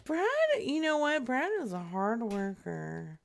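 Female co-host, animated and bright-toned, gravelly edges. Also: medium pitch, takes it slowly. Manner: laughing, animated. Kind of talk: casual chat.

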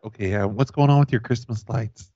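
A man making deadpan prank calls and chatting casually, halting with fillers as he talks. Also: medium pitch, no echo. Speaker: prank-calling co-host. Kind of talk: prank call and casual chat. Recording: dull dry sound.

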